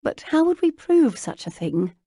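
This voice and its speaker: A woman narrating an audiobook, voicing an eager and excitable young duchess who talks in breathless, gushing exclamations. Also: high-pitched, moderate pace, dry recording, clean studio sound, voice pushed up. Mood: curious.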